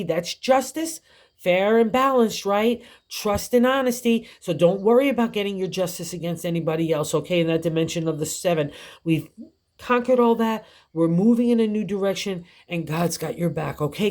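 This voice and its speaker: A woman's voice: mid-range voice, darkish tone. An older woman giving a tarot reading, chatty and encouraging, laughing often as she talks. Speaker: tarot reader.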